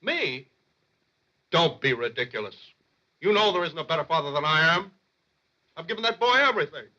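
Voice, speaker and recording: A blustering middle-aged father barks orders and bellows across the house. His voice sits high and swings widely in pitch. The old soundtrack sounds dull and lo-fi. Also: lively intonation, normal speed. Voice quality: loud, blustering and bossy. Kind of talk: 1950s film comedy acting. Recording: lo-fi 1950s film soundtrack.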